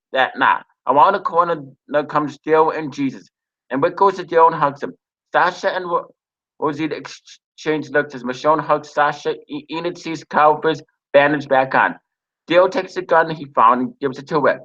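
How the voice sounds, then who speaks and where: A man reading out a TV episode recap and then giving his own casual review, in a halting way with frequent restarts and pauses. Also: fairly high pitch, a bit bright. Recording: dull lo-fi recording.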